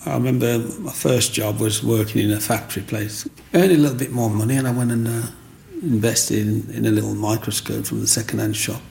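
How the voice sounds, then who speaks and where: A man with a deeply gravelly, rough voice tells his story in an interview. His pitch sits at an ordinary middle for a man. He brings the tale to life by acting out what other people said. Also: brisk. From England. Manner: animated storyteller who acts out other people's lines.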